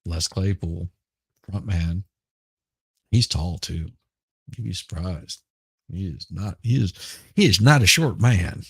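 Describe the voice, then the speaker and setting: A middle-aged man with a Southern accent, hoarse right now, chatting casually and rambling on a livestream. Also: low voice, animated, dry recording. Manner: rambling, halting, repeats words. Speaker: livestream host. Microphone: headphones with mic.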